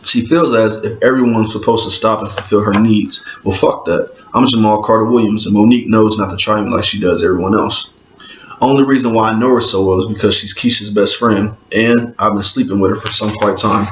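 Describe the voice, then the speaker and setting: Man from indiana reading his own book, chill and slangy, kinda echoey muffled room. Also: lowish voice. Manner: laid-back, conversational, street slang. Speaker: author reading his novel. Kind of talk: casual audiobook reading with asides to listeners. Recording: roomy, dull lo-fi with faint hiss.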